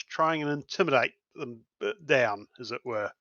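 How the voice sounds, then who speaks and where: Tabletop player, hesitant, lively pitch, dull dry sound. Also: normal speed, dry recording. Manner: hesitant, many fillers. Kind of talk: casual tabletop play.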